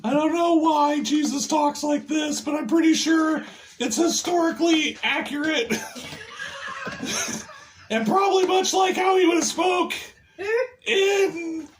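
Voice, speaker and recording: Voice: high voice, fairly even intonation, measured pace, pauses often, slight background noise, rough recording. A performer voicing a crude, irreverent puppet Jesus in a crown of thorns for a silly puppet sketch, giggling often.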